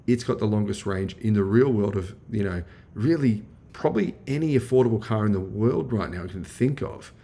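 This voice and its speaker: A man's voice: lowish voice, expressive, fairly quick, warm tone. An Australian man chatting enthusiastically in a casual car review vlog, full of fillers. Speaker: car vlogger.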